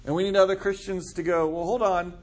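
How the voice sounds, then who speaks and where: A man's voice: sits high, steady tone, brisk. A man preaching a conversational sermon, asking the congregation questions and answering them. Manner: casual, asks the room questions. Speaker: pastor.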